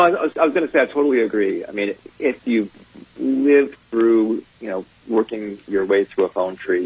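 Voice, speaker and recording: A man as a guest on a casual panel, agreeing and explaining in a measured way. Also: lowish voice, darkish tone, slightly rough. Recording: dull lo-fi audio.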